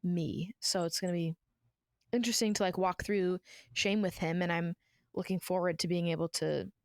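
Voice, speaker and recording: A woman's voice: fairly low pitch, fairly even intonation, normal speed, no echo, studio quality. A young adult woman hosting a podcast, telling family stories in a chatty way that is full of "like.". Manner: warm storytelling, chatty with many "like"s. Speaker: podcast host and mother. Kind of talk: casual conversation.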